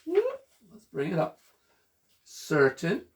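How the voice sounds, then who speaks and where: In a slightly high voice, a man leads children through a phonics lesson, spelling words out letter by letter. He speaks slowly and patiently, with an animated, sing-song lilt.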